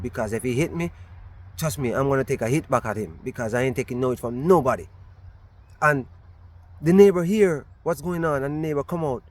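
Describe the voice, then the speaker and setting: A man's voice: mid-range voice, slight background noise. A man with a Jamaican accent telling a story in a casual vlog. He talks animatedly and often restarts his phrases, recorded outdoors on a camera on a tripod. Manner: animated retelling with repeated restarts. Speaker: vlogger.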